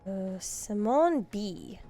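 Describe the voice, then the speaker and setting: A woman's voice: mid-range voice, expressive, drawn-out words, dark tone, faint music behind. A woman streamer giving chatty, self-deprecating commentary on a game as she plays, laughing often. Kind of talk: casual gameplay commentary.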